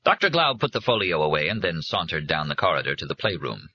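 A man reading a novel aloud as an audiobook narrator, in measured scripted narration. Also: low-pitched, sing-song, sharp tone, slightly rough, no room sound. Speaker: audiobook reader. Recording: dry, dull lo-fi recording.

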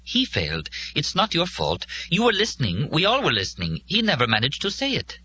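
A man's voice: a little high, huge pitch swings, a little fast, pushed and bright, slight background noise, voice pushed up, exaggerated voice. A man putting on an urgent, caring young woman. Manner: urging, soothing. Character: caring young woman, gentle but firm. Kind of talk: audiobook character voice.

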